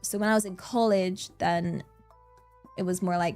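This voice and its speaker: A woman's voice: fairly low pitch, fairly even intonation, moderate pace, darkish tone, faint music behind. A young British woman streamer chatting casually with her viewers, bubbly and giggly as she reads out the chat. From Britain.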